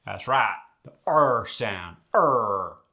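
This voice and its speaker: Here the folksy Midwest farmer character returns for the comic accent lesson, this time unhurried. The man's medium, fairly bright voice carries a Farm Belt accent, lightly acted, as he stretches out each demonstration.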